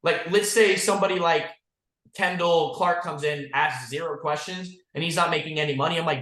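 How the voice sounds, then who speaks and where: A man's voice: a little high, a little fast, a bit bright, reverberant. A man leading an insurance agency's team call, talking bluntly and profanely and saying "like" and "guys" constantly. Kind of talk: motivational team call talk.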